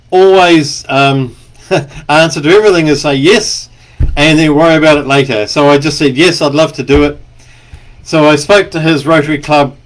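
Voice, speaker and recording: A man's voice: a little high, fairly bright tone. A man, an author, talking in a rambling, chatty monologue, stopping now and then to cough. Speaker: author and speaker. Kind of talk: casual spoken monologue.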